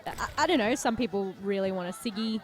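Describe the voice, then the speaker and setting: A woman's voice: medium pitch, a little fast, some chatter behind. A woman co-hosting a let's play, chatting casually and teasing, laughing often. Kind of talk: casual chat.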